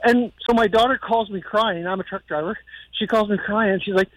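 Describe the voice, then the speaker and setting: A man's voice: high voice, fairly quick, dry recording, rough recording. A middle-aged man calling in to a radio show and telling a story, acting out the quotes as he goes. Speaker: caller. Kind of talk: phone-in storytelling.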